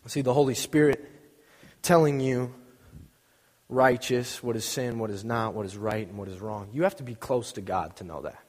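A man's voice: mid-range voice, moderate pace. A young man giving an informal sermon, chatty and joking, acting out little scenes as he tells stories. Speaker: preacher. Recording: long hall reverb.

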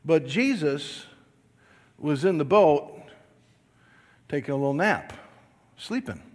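A man preaching a sermon, slow and emphatic, calling on the congregation to repeat lines after him. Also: on the high side, animated. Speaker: pastor. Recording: long reverb of a large hall.

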